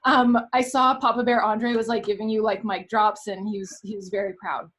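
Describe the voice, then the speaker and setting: Woman host, mid-pitched, effusive and chatty, lots of fillers. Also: little pitch movement, moderate pace, fairly bright tone. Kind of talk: casual chat.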